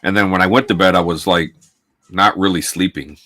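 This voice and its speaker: A man's voice: low-pitched, fairly even intonation, a little fast, pushed and bright. A man co-hosting a sports podcast, giving casual, tired, laid-back commentary while watching a live game.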